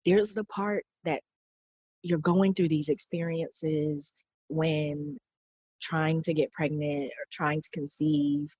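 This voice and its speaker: A woman's voice: sits low, steady tone, slow, darkish tone, breathy edge, no room sound, dull audio. A woman in her forties, a podcast guest, earnestly recounting personal experiences and quoting the people she spoke with. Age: 40s. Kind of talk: personal storytelling in an interview.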